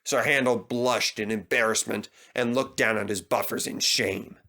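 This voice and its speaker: Bright, expressive male storyteller. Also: lowish voice, moderate pace. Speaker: narrator. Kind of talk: storybook reading.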